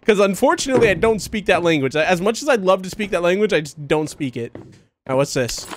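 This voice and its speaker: High, lively man gaming. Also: fast talker. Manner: excitable, bursts into high yelps and laughter when chased; confused running commentary on the game. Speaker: gaming video host. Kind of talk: horror game let's play commentary.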